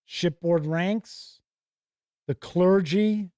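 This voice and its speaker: A man with a fairly high voice who hosts a tabletop game show in a casual, unhurried way. He reads item lists aloud from a rulebook and drops little asides and corrections. The sound is dry and close to the microphone. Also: a little mellow, dry recording. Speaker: show host reviewing tabletop RPG books. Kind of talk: casual chat, reading from a rulebook on stream.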